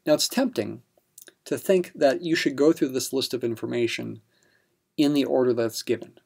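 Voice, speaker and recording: Gravelly patient math teacher, man. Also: medium pitch, normal speed, a little mellow. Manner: patient step-by-step explanation with fillers. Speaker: math instructor. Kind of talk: explaining a practice problem.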